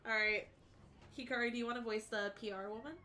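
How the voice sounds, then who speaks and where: A woman's voice: fairly high pitch, fairly even intonation, fast, sharp tone, slight background noise. A woman streamer chatting casually and playfully while playing a game. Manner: giggly, playful.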